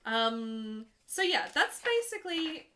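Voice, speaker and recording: A woman's voice: a little high, very animated, slow pace, sharp tone, a little hiss or hum. A young adult woman who sings opera, chatting on a live stream in a joking, casual way while explaining arias to viewers. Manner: chatty and joking, breaks into full operatic singing. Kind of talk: live stream chat and teaching.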